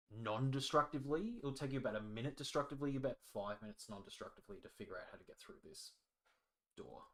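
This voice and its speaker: A man's voice: mid-range voice, a bit bright. A man narrating a tabletop game as game master, talking loosely with many fillers. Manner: hesitant, loose, lots of fillers.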